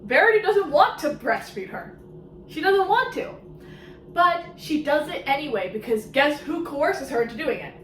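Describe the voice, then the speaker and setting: A woman giving a casual, sarcastic, animated summary of a book she is reviewing. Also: sits high, moderate pace, echoey room, recorded from a distance, slight background noise, low-quality recording. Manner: sarcastic, animated, exclamatory asides.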